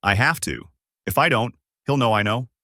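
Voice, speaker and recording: A man's voice: medium pitch, expressive, moderate pace, no room sound, studio quality. A man voicing a tense young woman who urgently reports what she sees, in an audiobook. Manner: urgent, hushed play-by-play. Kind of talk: audiobook character voice.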